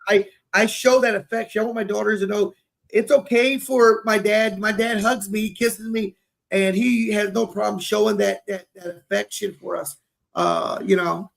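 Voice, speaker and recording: A man in his forties co-hosting a podcast, talking earnestly and warmly about fatherhood, often repeating words as he gathers himself. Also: high voice, fairly even intonation, moderate pace, vocal fry. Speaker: podcast co-host. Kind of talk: heartfelt casual conversation.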